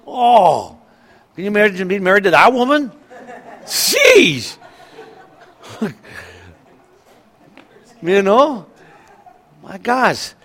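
Middle-aged male pastor, higher voice, animated sermon with acted-out lines. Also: extremely slow, long pauses. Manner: lively preaching, acting out voices, laughing.

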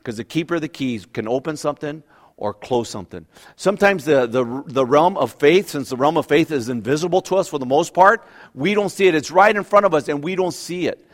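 Full of everyday examples, this animated, conversational sermon comes from a male pastor who keeps asking "right?". He speaks briskly, his voice on the high side.

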